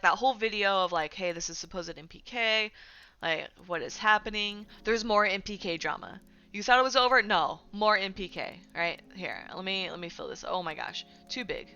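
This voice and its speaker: Chatty woman streamer, bright tone. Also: mid-range voice. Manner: rambling, self-correcting, lots of fillers like "like" and "right"; animated and indignant when recounting drama. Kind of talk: casual livestream chat about community news.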